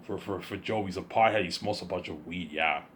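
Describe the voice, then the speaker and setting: A man's voice: deep voice, moderate pace, fairly bright tone, slight background noise. A man vlogging in a rambling solo monologue, repeating himself and restarting sentences as he daydreams aloud.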